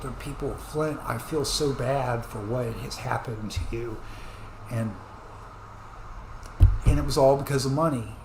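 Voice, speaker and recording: Man, commentator, earnest rambling rant with loud bursts, echoey room, faint hiss behind. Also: mid-range voice. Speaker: commentator reacting to news clips. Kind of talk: rambling ranting monologue.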